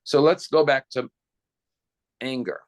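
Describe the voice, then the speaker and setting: A man's voice: medium pitch, fairly even intonation, slow. A man giving a sermon as a rabbi, explaining step by step and asking the listeners rhetorical questions.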